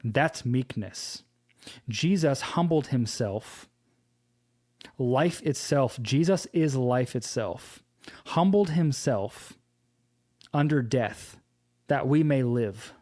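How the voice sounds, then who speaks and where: Slow, earnest male preacher. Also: medium pitch, expressive, warm tone. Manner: slow, earnest storytelling with scripture quotes. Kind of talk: devotional teaching with personal story.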